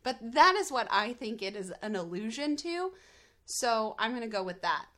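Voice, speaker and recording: Young woman cohost, bright sharp voice, punchy little comebacks. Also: fairly high pitch, sing-song, normal speed. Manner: emphatic, punchy one-liners. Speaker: podcast co-host. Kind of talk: casual recap chat.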